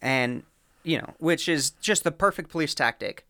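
A woman co-hosting a podcast, telling a story in casual chat, animated and laughing often as she acts out quotes. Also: low voice, moderate pace, no room sound. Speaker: podcast co-host.

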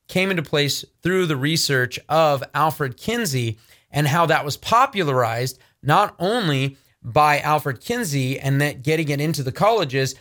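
A man's voice: mid-range voice, fairly bright tone. A young adult man from Southern California presenting for a ministry, talking straight to viewers with earnest, emphatic warnings. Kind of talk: preaching monologue to viewers.

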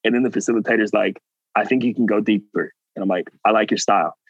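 Talking fast in a lowish voice, a man shares a personal story as a guest, earnestly performing the lines other people spoke. It's casual and animated, captured in lo-fi sound with no room ambience.

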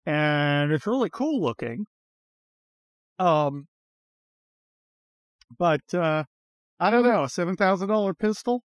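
A man's voice: high-pitched, lively intonation, takes it slowly, long pauses, dry recording. A man hosting a podcast from inside a car, giving blunt, profane opinions in a rambling, casual way with lots of fillers. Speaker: podcast host.

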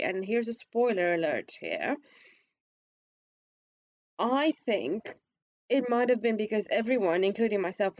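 A woman with a squeaky voice giving her take on a film in casual chat, hesitant, with many restarts, her pitch climbing when she stresses a point. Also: darkish tone, no room sound, lo-fi sound. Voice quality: self-described squeaky voice.

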